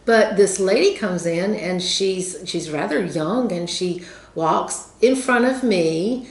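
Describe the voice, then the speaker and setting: A Southern American woman tells a casual story to her viewers, rambling along with plenty of fillers. Her voice sits on the low side. The room around her adds a noticeable echo. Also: takes it slowly. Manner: chatty, rambling with many fillers, laughs often. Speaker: vlogger telling a story. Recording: roomy echo.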